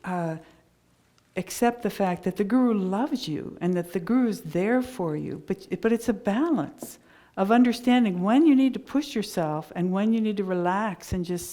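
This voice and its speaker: A woman's voice: on the low side, mellow. A middle-aged woman minister giving a sermon, in an earnest, conversational storytelling way with frequent restarts.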